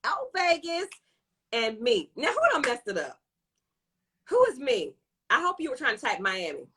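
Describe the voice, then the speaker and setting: Bright, bubbly woman hosting a live chat. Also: a little high, very animated, normal speed, breathy edge. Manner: playful, hyped shout-outs to viewers. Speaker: show host. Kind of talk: casual live-stream chat.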